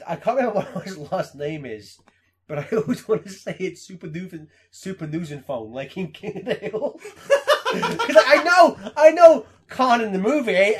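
Man, high voice, very lively pitch, podcast co-host, casual, animated. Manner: animated, swearing, laughing, acting out quotes. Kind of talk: casual chat.

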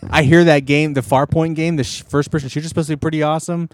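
A man hosting a casual podcast, rambling with lots of fillers, swearing and excited outbursts. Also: on the high side, rapid-fire, a little hiss or hum. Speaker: podcast host.

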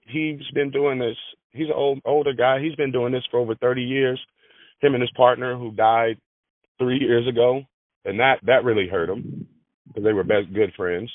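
A man's voice: mid-range voice, fairly even intonation, normal speed, dry recording. A man in a conversational interview who repeats and restarts his phrases as he talks. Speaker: granite business manager. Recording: dry, tinny phone-like audio.

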